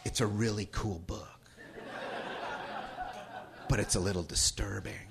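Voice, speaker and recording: A middle-aged man telling a personal story to a live audience, moving from hushed asides to loud dramatic moments. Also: on the low side, steady tone, unhurried, vocal fry, heavy background noise. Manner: shifts from hushed asides to loud shouted reading. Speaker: storyteller on stage. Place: stage before a live audience.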